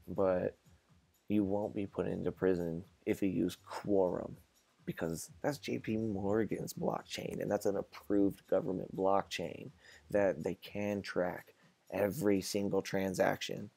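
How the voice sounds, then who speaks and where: Gravelly low-voiced man vlogging. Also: little pitch movement, measured pace, mellow, no echo. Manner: musing, asks rhetorical questions. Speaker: vlog host. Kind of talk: casual monologue to camera.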